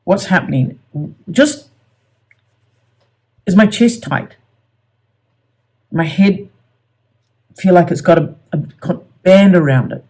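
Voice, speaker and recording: A man's voice: high-pitched, animated, takes it slowly, long pauses, darkish tone. Earnest middle-aged male self-help coach, casual and repetitive, talking to camera. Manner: earnest, repeats words, many fillers and restarts.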